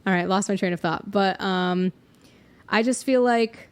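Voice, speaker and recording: A woman's voice: medium pitch, measured pace, clean tone. A young adult woman, a songwriter and middle school music teacher, chatting casually on a podcast and thinking aloud with fillers and small laughs.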